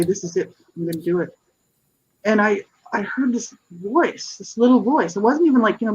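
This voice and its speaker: Husky-voiced woman telling her story. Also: mid-range voice, dull audio. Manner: earnest, searching, frequent restarts and "you know, right?". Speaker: interview guest, author and advocate. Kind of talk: personal testimony in a radio interview.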